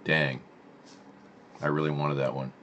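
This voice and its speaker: Low-voiced male streamer, chatty, reading news aloud. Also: level tone, measured pace, a bit bright, lo-fi sound, a little hiss or hum. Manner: muttering asides while reading headlines. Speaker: live stream host. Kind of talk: casual live stream commentary.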